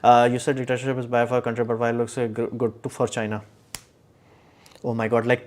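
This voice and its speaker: A man's voice: mid-range voice, level tone, fast talker. A man hosting a casual live stream, giving strong opinions in a rambling way with many fillers and restarts. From India.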